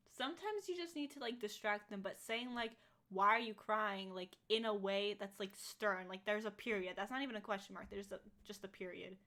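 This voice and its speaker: A woman's voice: mid-range voice, moderate pace, fairly bright tone. A woman in her twenties co-hosting a podcast, chatting casually and rambling with lots of fillers. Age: 20s. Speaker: podcast co-host. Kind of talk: casual chat.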